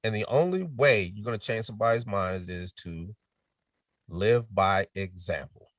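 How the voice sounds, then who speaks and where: A low-pitched middle-aged man chats as a podcast guest. He tells his stories with energy and puts on the voices of people he quotes. At times he sinks to a near whisper. The sound is dry and picked up from a little way off the mic. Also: normal speed, dry recording, far from the mic. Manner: animated storytelling with quoted voices, drops to a near whisper to demonstrate. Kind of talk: casual chat.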